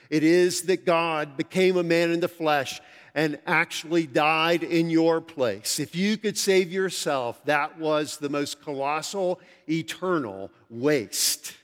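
A pastor preaching a sermon to his congregation, earnest and conversational, slowing down to stress key phrases, his throat a little dry. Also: fairly high pitch. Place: large church sanctuary. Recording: long hall reverb from a large church.

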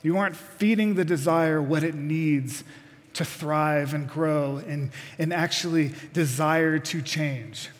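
Taking his time, a man preaches in a fairly high voice that rings out with a sanctuary's long reverb. He challenges the congregation with pointed questions and drops in folksy remarks.

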